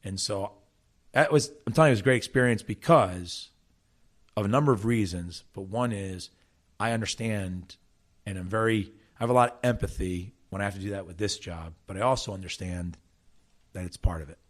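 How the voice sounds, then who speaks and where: A middle-aged man from South Jersey tells his story in an interview, his voice sitting somewhat low. He stumbles and repeats words as he gets going. He stays animated throughout. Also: brisk. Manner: animated storyteller with many restarts. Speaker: interview guest, former player and coach. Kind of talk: storytelling conversation.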